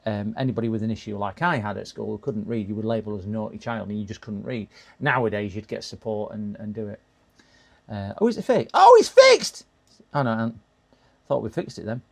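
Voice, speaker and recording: A man's voice: fairly low pitch, fairly even intonation, brisk, gravelly. A middle-aged man casually chatting to his live-stream audience while repairing a computer, often restarting sentences and laughing. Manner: chatty, talks to chat while working, frequent restarts and laughs.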